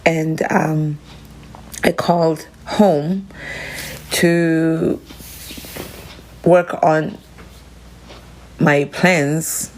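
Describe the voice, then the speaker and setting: A woman with a South African accent, hosting a solo confessional podcast, talking alone at home in a halting, rambling, emotional way. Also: deep voice, fairly even intonation, darkish tone, slight background noise, poor audio. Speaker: podcast host.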